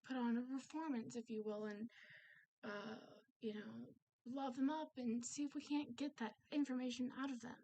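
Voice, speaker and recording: A woman vlogger speaks candidly about mental health in a personal vlog, earnest and confiding, often trailing off into fillers. Her voice is high and creaky with a warm tone.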